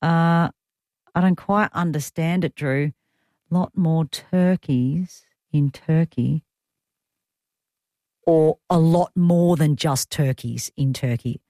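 Aussie lady radio host, chatty and teasing, lowish voice, dry studio sound. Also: mellow, no echo. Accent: Australian. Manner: chatty, teasing, quick to joke. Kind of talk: casual talkback radio chat. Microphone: studio microphone.

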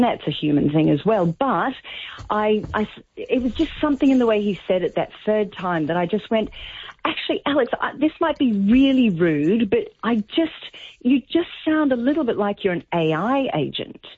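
A woman's voice: medium pitch, very animated, normal speed, husky. Chatty woman on a tinny phone line. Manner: chatty storyteller, acts out quoted dialogue. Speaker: caller. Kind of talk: phone-in radio chat.

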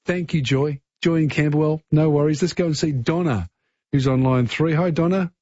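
A man's voice: fairly high pitch, moderate pace, a little mellow, no echo, highs cut off. A man hosting a radio talkback quiz, chatty and encouraging, giving callers hints.

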